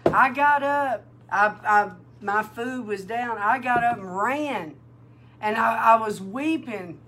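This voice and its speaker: A woman minister giving an emotional testimony in a sermon, telling her story with animated feeling. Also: fairly high pitch, takes it slowly, slight background noise. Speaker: prophetic minister.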